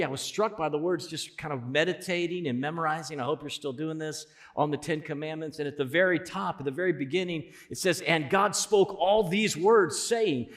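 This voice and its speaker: A man preaching a sermon as pastor, conversational, swelling loud on key points. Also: fairly high pitch.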